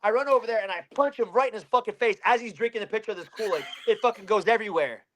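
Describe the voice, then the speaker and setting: High-voiced man telling a profane story. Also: very fast. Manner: profane, animated, swears constantly. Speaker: bare-knuckle fighter, interview guest. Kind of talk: casual storytelling in an interview.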